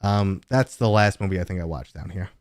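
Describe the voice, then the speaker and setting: Fielding viewer questions live as they come in, this thirty-something host rambles through a casual stream, full of fillers and restarts. He talks briskly in a low voice, and the dry recording has no room echo.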